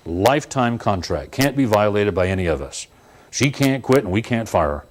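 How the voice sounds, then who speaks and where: A man giving a motivational seminar talk, telling stories with animated swings and frequent chuckles. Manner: animated, chuckling storyteller with sudden pitch leaps. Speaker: seminar speaker.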